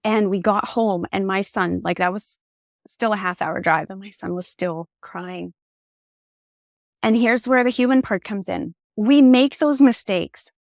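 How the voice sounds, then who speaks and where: A middle-aged woman, a podcast guest, telling personal stories in an animated, candid conversational way. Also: mid-range voice, unhurried, no echo, studio quality. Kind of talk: conversational storytelling.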